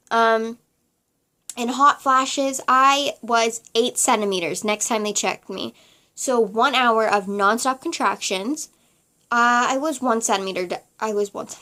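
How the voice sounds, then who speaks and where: Chatty young woman telling a story. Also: bright, forceful tone. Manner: sassy, chatty, acts out quotes with big jumps in pitch. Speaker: vlogger. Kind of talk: casual storytelling vlog.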